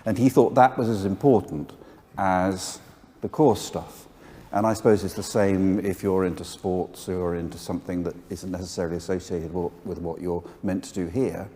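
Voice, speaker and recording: Low, mellow older man in a hall. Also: fairly even intonation, moderate pace. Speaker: composer, guest. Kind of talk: conversational reminiscence on stage. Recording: long hall reverb.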